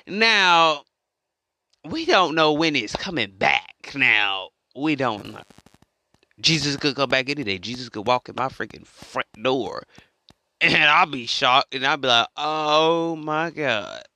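Bright-voiced man rambling through a story. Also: medium pitch, expressive, unhurried, no echo. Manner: rambling and repetitive, restarts a lot. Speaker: vlogger. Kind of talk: casual storytelling monologue.

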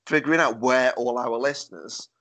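A man's voice: mid-range voice, moderate pace, fairly bright tone. A man with a Stoke accent hosting a podcast, jokey, laughing often and restarting his sentences. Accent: Stoke-on-Trent. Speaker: podcast host. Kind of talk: casual podcast chat.

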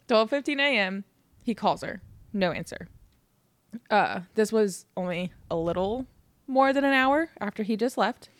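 A woman's voice: medium pitch, lively intonation, unhurried, long pauses, no room sound. A woman co-hosting a podcast, telling a true crime story in casual, chatty talk, laughing often and swearing. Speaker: podcast co-host.

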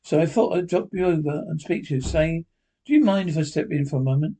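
A man reading the part of a talkative, friendly police desk sergeant who gossips briskly. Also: fairly high pitch, mellow, breathy edge. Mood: chatty. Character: affable male desk sergeant, talkative neighbour.

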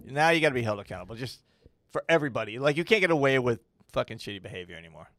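A man co-hosting a podcast in casual chat, throwing in wisecracking deadpan asides. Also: medium pitch, rapid-fire. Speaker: podcast co-host.

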